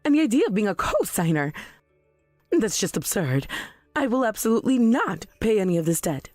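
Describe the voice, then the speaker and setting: Woman as an outraged mother, defensive, lively pitch, dry close voice. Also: a little fast, no echo, faint music behind. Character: indignant middle-aged mother, proud and self-righteous. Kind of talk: text-message story voice reading.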